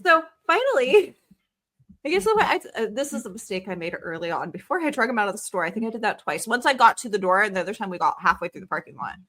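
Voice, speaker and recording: A woman's voice: mid-range voice, big pitch swings, quick pace, bright, forceful tone. A young adult woman hosting a podcast, telling a story in casual chat and acting out her kids' voices. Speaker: podcast host.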